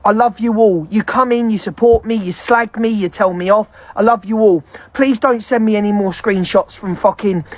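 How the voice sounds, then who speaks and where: A woman's voice: medium pitch, no echo. Sweary woman ranting. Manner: heavy swearing, fast heated ranting. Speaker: live streamer. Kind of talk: angry live-stream rant.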